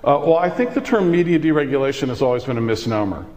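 A man's voice: mid-range voice, lively intonation, fast, darkish tone. A middle-aged man giving an impassioned, emphatic university lecture and answering audience questions. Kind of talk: public lecture with Q&A. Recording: reverberant hall.

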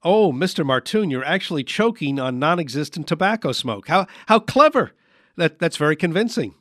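A man hosting a comic radio sketch, calmly describing aloud what his silent guest is doing. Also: a little high, fairly quick, no room sound, studio quality. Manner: deadpan, describing the action aloud. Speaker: radio host. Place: radio studio.

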